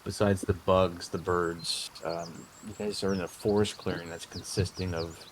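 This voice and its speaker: A man narrating a tabletop game as game master, describing scenes in a halting way with many fillers. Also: low-pitched, little pitch movement, a little hiss or hum.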